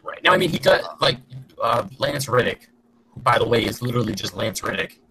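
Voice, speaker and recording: A man's voice: mid-range voice, animated, a little fast, gravelly, pushed and bright, slight background noise, rough recording. A man talking casually on a laggy video call, chatty and prone to trailing off and restarting. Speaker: podcast co-host. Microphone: home mic on a laggy video call.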